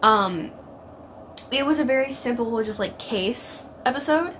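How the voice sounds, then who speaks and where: A young woman with a fairly high, fairly bright, expressive voice talks at a measured pace over slight background noise. As a TV reaction vlogger, she gushes emotionally about an episode in casual chat, peppering it with "like" and talking back at the screen.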